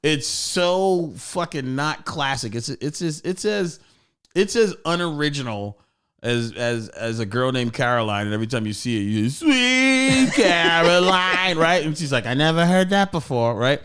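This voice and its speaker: A man's voice: mid-range voice, moderate pace, clean tone. A man, a comedian, telling stories in casual podcast chat, acting out the people in them with plenty of profanity. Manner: animated, acts out voices in stories, profane. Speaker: comedian guest. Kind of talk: casual storytelling.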